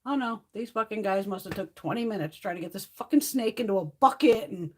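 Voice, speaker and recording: A woman's voice: medium pitch, brisk, breathy edge. A woman hosting a casual livestream chat, swearing freely and laughing through her stories. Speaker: livestream host.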